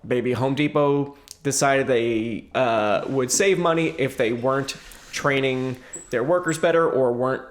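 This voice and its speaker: A man's voice: medium pitch, unhurried. A man co-hosting a podcast, talking in a wry, earnest way with hesitant restarts. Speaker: podcast co-host. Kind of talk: casual chat.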